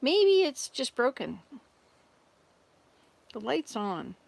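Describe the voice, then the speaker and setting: A woman's voice: on the high side, sing-song, extremely slow, vocal fry, dry recording. An older woman, a volunteer missionary, chatting on a livestream from an RV, telling jokes and talking to her viewers. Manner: chatty, rambling, tells jokes and talks to viewers. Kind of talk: casual livestream chat. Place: RV at a summer camp.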